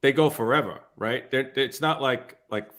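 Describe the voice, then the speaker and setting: A man hosting a podcast, asking quick questions to check the details of a guest's story. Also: medium pitch, fairly bright tone. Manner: asks quick clarifying questions. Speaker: podcast host.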